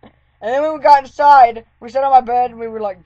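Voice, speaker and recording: A woman's voice: high-pitched, steady tone, brisk, warm tone, dry recording, dull audio. A woman vlogger telling a story in a casual, rambling way, with lots of "like". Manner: chatty, rambling, full of "like" fillers.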